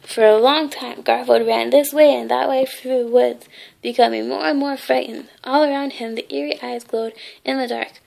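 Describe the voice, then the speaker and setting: A woman reads a bedtime story aloud, gently and with small asides. Her voice sits high and has a noticeable gravelly fry. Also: fairly even intonation, moderate pace. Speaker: reader.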